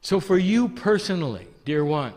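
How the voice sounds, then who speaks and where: Man channeling, lively pitch, reverberant hall. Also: moderate pace. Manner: gentle, affectionate, addresses listeners as "dear one". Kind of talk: channeled spiritual talk to an audience.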